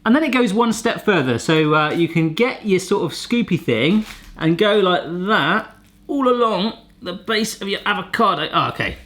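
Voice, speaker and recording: A man's voice: high voice, lively intonation, normal speed, a bit bright. A man hosting a kitchen gadget video, chatting casually and cracking playful jokes. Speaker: kitchen gadget reviewer, show host. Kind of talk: casual vlog chat.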